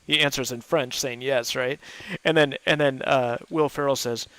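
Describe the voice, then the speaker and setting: Gravelly-voiced man chatting while gaming. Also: mid-range voice, steady tone, a little slow, a bit bright. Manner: chatty and easygoing, laughs often; thinks aloud with fillers. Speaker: gaming host playing with friends. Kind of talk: casual chat while gaming.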